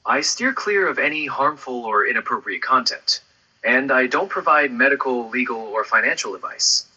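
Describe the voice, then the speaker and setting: A man's voice: medium pitch, animated, moderate pace, sharp tone, slightly rough, rough recording. A man's synthetic assistant voice, friendly and upbeat in casual chat, ending turns with questions. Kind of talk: conversational AI chat.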